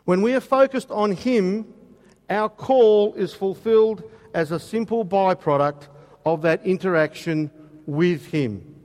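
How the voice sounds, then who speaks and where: A man preaching in an unhurried, deliberate way, leaning on rhetorical questions. His voice sits a little high for a man. It rings out with the long reverb of a church hall. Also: a little mellow. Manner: measured, rhetorical questions, slow emphatic scripture reading. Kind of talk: sermon.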